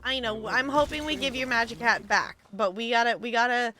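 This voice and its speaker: A woman's voice: fairly high pitch, a little fast, pushed and bright. A woman streaming a game, chatting bubbly and casually with her viewers as she plays. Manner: bubbly and chatty, talks to chat. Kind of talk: live gameplay commentary.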